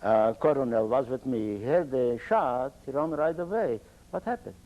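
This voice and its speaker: An older man from Poland with an Eastern Polish accent, telling his own life story in halting, broken English. He often stops and restarts his sentences. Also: medium pitch, highs cut off. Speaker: interviewee. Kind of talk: oral history testimony.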